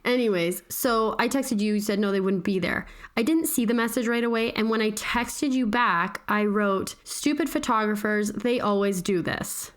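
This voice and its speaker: A woman's voice: fairly high pitch, moderate pace, hardly any pauses. A woman in her thirties co-hosting a podcast, telling a story in a casual chat and acting out the texts she quotes. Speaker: podcast co-host.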